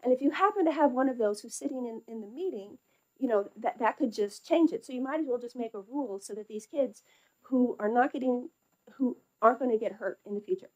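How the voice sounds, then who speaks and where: A middle-aged woman testifying as a foster parent at a hearing, halting and unscripted, with many fillers. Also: a little high, a little mellow, poor audio. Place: legislative hearing room.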